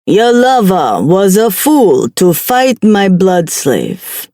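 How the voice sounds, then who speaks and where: A woman voicing a towering male scorpion demon with a Jamaican accent, a low, dark voice and a slow, taunting manner, in an audiobook. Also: sing-song, dry recording, studio quality. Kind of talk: audiobook character voice.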